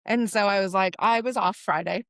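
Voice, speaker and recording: Woman, podcast co-host, casual chat, animated storyteller, dry close sound. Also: medium pitch, moderate pace, no room sound. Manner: animated storyteller who acts out quoted voices; swears casually.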